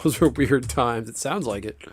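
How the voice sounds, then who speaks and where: A man in the middle of an ordinary pitch range chats casually during a game stream. He rambles, swears freely and laughs often. His voice sounds dry and close, with faint music underneath. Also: expressive, normal speed, breathy edge, dry recording. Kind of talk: casual chat while gaming.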